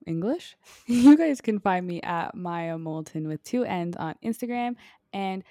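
A woman's voice: lowish voice, animated, unhurried, dark tone, no echo, studio quality. A young woman co-hosting a podcast in casual chat, talking loosely with lots of "like" fillers. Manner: chatty, heavy on filler "like". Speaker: podcast co-host.

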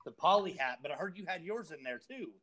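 A man's voice: on the high side, animated, quick pace, crowd noise. A man in casual podcast chat, laid-back and joking, who keeps repeating his phrases.

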